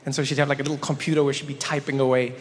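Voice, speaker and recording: A male comedian telling animated stories during a stand-up set. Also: medium pitch, rapid-fire, long reverb tail. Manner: animated storyteller.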